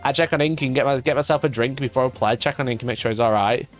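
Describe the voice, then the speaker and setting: Male streamer, mid-pitched, loose sweary storytelling, light music underneath. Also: rapid-fire. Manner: chatty, swears freely, rambling storytelling. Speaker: streamer host. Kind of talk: casual livestream chat.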